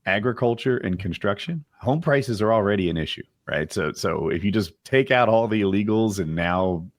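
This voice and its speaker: Male podcast host, low-ish voice, halting delivery, dry close sound. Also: expressive, no room sound. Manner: halting, stammering. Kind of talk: casual chat.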